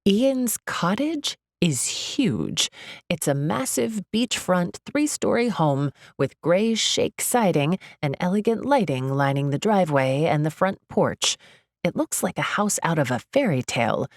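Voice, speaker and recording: Low-voiced woman narrating a romance audiobook. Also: a little slow, no room sound, clean studio sound. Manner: expressive, leaps high in pitch for her character's outbursts.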